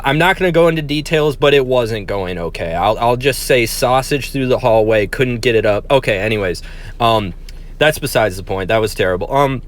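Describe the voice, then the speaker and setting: A young man recounts a personal story for his vlog, talking frankly and peppering it with swearing. He pokes fun at himself as he goes. His voice sits at an ordinary male pitch. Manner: candid, profane, self-deprecating. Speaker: vlogger.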